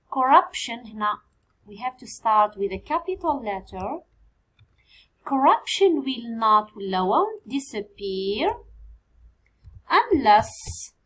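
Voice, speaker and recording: Woman, Algerian accent, high voice, English teacher, patient exam review, slow spelled-out answers. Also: fairly bright tone, poor audio. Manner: spells and counts out answers slowly for students. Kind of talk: exam review lesson, code-switching with Arabic.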